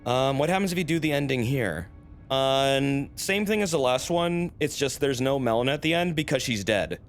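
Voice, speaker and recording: Male gaming streamer, casual chatty commentary, animated voice, faint game music. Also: medium pitch, moderate pace. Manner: chatty, reacting and explaining the game.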